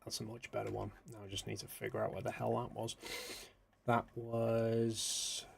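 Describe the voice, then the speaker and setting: A man hosting a casual livestream, muttering quietly to himself as he works, then speaking up to address his viewers. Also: medium pitch, flat delivery, moderate pace, vocal fry, a little hiss or hum. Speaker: livestream host. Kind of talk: casual livestream chat, thinking aloud.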